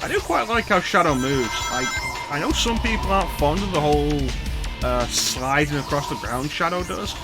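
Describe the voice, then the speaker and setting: A man's voice: fairly high pitch, animated, moderate pace, rough recording. A man streaming a video game, chatting casually and rambling about it, now and then swearing at the game. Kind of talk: casual gameplay commentary. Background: game music.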